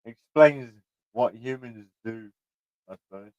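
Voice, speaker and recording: A man's voice: medium pitch, takes it slowly, no echo, highs cut off. A middle-aged man chatting casually at home, rambling, chuckling and swearing freely as he talks to camera. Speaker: vlogger. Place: room at home, indoors.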